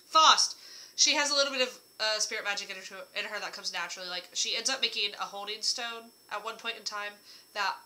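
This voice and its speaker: A young woman with a slightly hoarse voice, chatting casually and rambling about the characters she has written, with jokey asides. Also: mid-range voice, a little fast, sharp tone, low-quality recording. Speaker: writer describing her characters. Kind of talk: casual chat.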